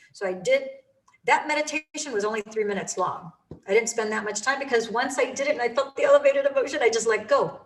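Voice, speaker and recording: A woman's voice: on the high side, fast talker, recorded from a distance, low-quality recording. A woman giving an enthusiastic, emphatic motivational talk about manifesting, repeating phrases for emphasis.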